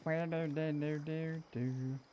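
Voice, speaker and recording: A man's voice: fairly high pitch, steady tone, slow, warm tone, highs cut off, slight background noise. A man streaming a cozy game, talking casually in a playful, rambling way with frequent giggles. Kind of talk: casual gameplay commentary.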